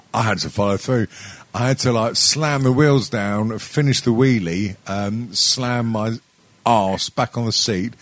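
A young man chatting on a podcast, his pitch swinging all over the place as he rambles. He stumbles through restarts, swears freely and laughs along with his own stories. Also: fairly bright tone, dry recording. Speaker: podcast co-host. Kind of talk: casual sweary chat.

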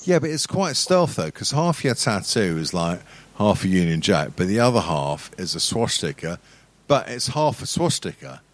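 A man with a low voice that swings up and down a lot, trading crude comic banter in a mock-earnest way. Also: moderate pace. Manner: lively, mock-earnest and sweary.

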